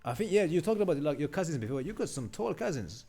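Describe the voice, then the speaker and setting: A rambling, chatty male streamer talks over his game with a mellow, warm tone. His pitch swings about animatedly as he muses, and faint music plays behind him. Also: very animated, quick pace, breathy edge. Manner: rambling, chatty, many fillers. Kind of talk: casual game commentary.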